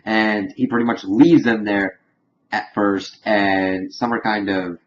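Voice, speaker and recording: A man casually recapping a cartoon episode in a rambling way, full of fillers and quick acted quotes. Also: fairly low pitch, fairly even intonation. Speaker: reviewer. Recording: dull lo-fi home recording with faint hiss.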